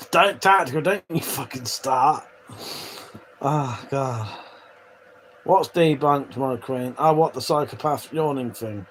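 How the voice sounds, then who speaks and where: A man's voice: mid-range voice, slow, pauses often, a little hiss or hum, low-quality recording. A man hosting a livestream, casually chatting, swearing often and laughing as he reads viewer comments. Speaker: livestream host. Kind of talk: casual live chat reading viewer comments.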